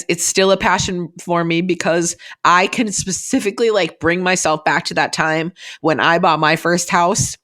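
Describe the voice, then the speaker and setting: A woman's voice: fairly low pitch, fairly bright tone. A woman in her thirties from Minnesota, a podcast host and real estate agent, talking in a chatty, earnest, encouraging way with lots of "like"s and restarts on a close mic. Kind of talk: casual solo podcast talk.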